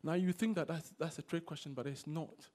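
Man, pastor, sermon in church, high voice, loud exhortation and quiet asides. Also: a little fast. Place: church service.

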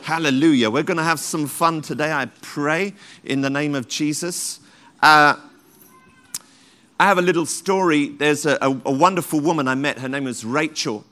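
A man's voice: fairly high pitch, normal speed, bright, forceful tone. A man preaching a sermon in church as the pastor, fervent and full of repeated praise calls. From London, England.

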